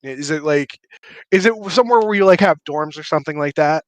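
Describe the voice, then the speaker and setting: A man's voice: a little high, expressive, fast. A man narrating a tabletop game as dungeon master, playful and chatty. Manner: playful, chatty, full of fillers like 'like'.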